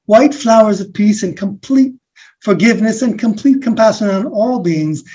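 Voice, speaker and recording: A man from the USA is a guest in a reflective spiritual conversation, rambling softly with many restarts and fillers. He has a high voice and a moderate pace. The recording is dull and lo-fi.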